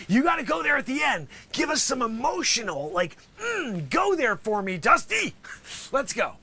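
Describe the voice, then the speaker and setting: High-voiced guy hosting a live comedy bit, playing a lawyer, dramatic, bright sharp tone. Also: moderate pace. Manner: theatrical, animated, drops into whispers for emphasis. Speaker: host. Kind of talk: improvised courtroom comedy sketch.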